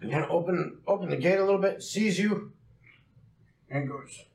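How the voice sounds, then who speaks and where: High-voiced man running a tabletop game. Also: creaky, a little mellow. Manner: casual, halting narration with restarts. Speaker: game master. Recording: echoey room, faint noise.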